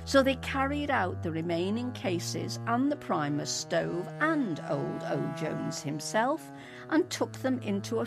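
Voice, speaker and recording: A woman narrating a story in a lyrical, expressive reading. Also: medium pitch, vocal fry.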